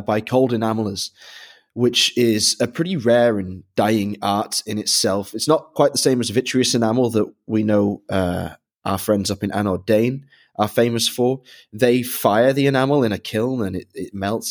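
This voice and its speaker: A man from Britain co-hosting a podcast, explaining a product review in methodical detail. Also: medium pitch. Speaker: podcast co-host.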